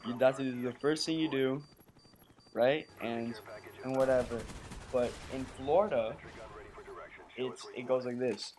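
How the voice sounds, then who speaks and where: A man's voice: medium pitch, a little slow, pauses often, darkish tone. A young man doing casual voice-over commentary over gameplay, nervous and stumbling, often repeating words and asking "right?".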